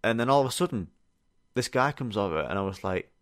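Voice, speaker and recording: A Yorkshire man hosts a podcast, rambling through stories in a casual, chatty way, full of fillers and the occasional swear word. His voice is lowish, animated and brisk, captured in a dry, studio-quality recording.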